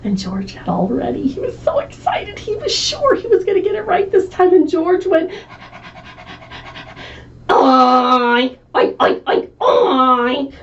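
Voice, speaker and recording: A woman librarian reading a picture book at a children's storytime, slow and expressive, asking the children questions, on a distant, muffled mic. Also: very high-pitched, vocal fry. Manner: animated, slow and expressive, asks the kids questions.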